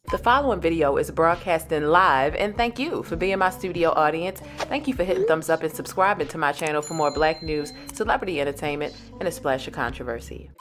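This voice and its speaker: A woman from Baltimore hosts a casual live-stream commentary, sassy and goofy, sitting low and sleepy from being up before dawn.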